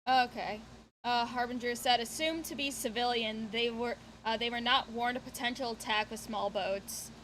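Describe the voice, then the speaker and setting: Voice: mid-range voice, fairly even intonation, normal speed, fairly bright tone, a little hiss or hum. A streamer chatting casually, thinking aloud and hesitating with fillers. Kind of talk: casual chat.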